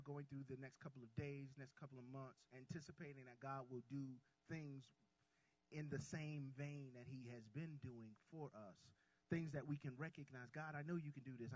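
A man preaching a sermon, swinging from soft asides to loud cries and calling the congregation y'all. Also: mid-range voice, highs cut off.

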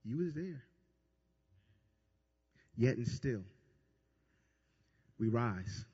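Male pastor, husky and high, repetitive emphatic preaching, dull lo-fi recording. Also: lively intonation, extremely slow, a little mellow. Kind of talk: sermon. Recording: long reverb, dull lo-fi sound.

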